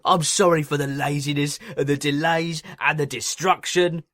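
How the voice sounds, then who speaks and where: A man's voice: on the high side, steady tone, moderate pace, a bit bright, no room sound, clean studio sound, voice pushed up, lightly acted. A man voicing a nervous, fawning male railway controller who whines and grovels. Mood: grovelling. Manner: grovelling, whining, stammering.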